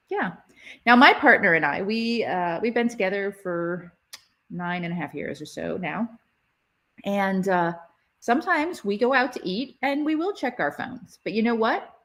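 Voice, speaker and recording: A woman's voice: medium pitch, expressive, normal speed, a bit bright. A woman teaching relationship communication in a live session, chatting to her viewers as she explains. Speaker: relationship educator. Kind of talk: live interactive workshop session.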